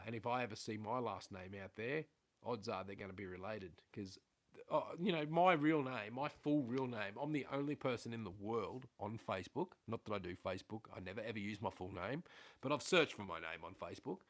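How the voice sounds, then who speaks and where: A man's voice: on the low side, lively intonation, moderate pace. Middle-aged aussie bloke rambling on a home livestream, swears a lot, loses his train of thought. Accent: Australian. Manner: rambling, swears freely, self-aware about waffling. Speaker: livestream host. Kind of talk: casual rambling livestream chat. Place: at home indoors.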